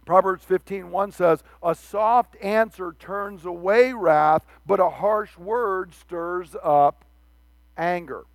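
A man preaching a sermon, animated, acting out the quoted speech of the figures he reads about. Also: high-pitched, slow pace, gravelly, dry recording.

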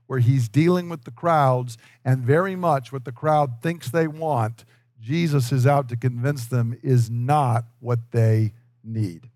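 A man's voice: mid-range voice, darkish tone, no echo, clean studio sound. A man preaching a sermon in a conversational storytelling way, acting out the voices he quotes. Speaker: pastor.

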